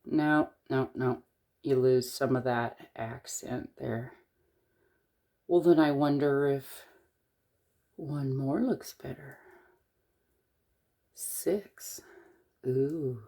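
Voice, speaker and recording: A woman's voice: extremely low pitch, very slow, pauses often, dark tone. A middle-aged woman from Eastern Washington, chatting casually and thinking aloud as she shows a wire-wrapping craft, with the odd corny joke. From Eastern Washington, USA. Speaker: jewelry-making tutorial host.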